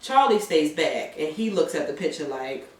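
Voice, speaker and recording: Woman in echoey room, animated retelling. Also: deep voice, moderate pace. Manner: animated retelling with acted-out quotes, heavy profanity. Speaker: podcast co-host recapping a TV episode. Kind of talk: casual chat. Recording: echoey room from far off the mic.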